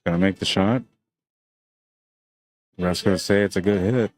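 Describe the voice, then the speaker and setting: A man commentating a live pool match in an easygoing, talkative way. His voice sits very low and deep. He keeps it friendly and loose, often tacking "man" onto the end of his lines. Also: steady tone, normal speed. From Canada. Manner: laid-back, chatty, often ends lines with "man". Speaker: pool commentator and stream host.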